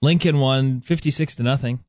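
A man's voice: mid-range voice, moderate pace, a little mellow, no room sound. A man co-hosting a radio show, joking and rambling with frequent laughs. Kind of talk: casual morning radio chat.

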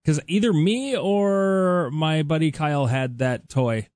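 Male morning radio host, 30s, quick jokey banter, slightly high voice, dry studio mic. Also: a little mellow, no room sound. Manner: jokey, quick, laughs often. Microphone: studio microphone.

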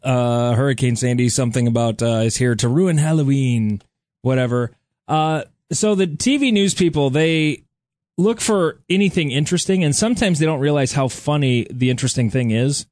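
A man's voice: medium pitch, darkish tone, dry recording, studio quality. Chatty male radio morning host. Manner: chatty, jokey, many "uh" pauses. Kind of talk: casual radio banter. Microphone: studio microphone.

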